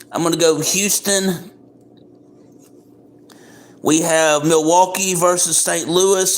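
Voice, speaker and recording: A man hosting a casual livestream, reading through picks in a plain, unhurried way with frequent ums and repeats. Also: fairly high pitch, a bit bright. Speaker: livestream host making baseball picks.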